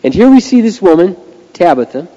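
Middle-aged pastor preaching in a reverberant hall. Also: male voice, high-pitched, big pitch swings, fairly quick, mellow. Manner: earnest, conversational preaching. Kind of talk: sermon. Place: church sanctuary. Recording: lo-fi recording with long hall reverb.

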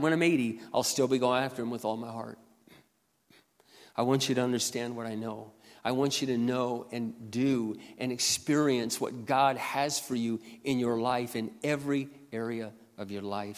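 A man preaching a sermon to his church, earnest and personal, clearing his throat often and building to forceful emphasis. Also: mid-range voice. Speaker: pastor. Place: church sanctuary. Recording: long hall reverb.

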